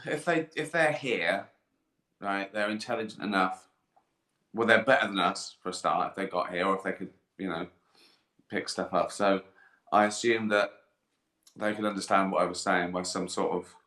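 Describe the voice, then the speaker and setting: Middle-aged male host, low-ish bright voice, loose comic rambling, echoey room. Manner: rambling, jokey, laughs at own jokes. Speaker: livestream host answering viewer questions. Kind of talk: casual live chat.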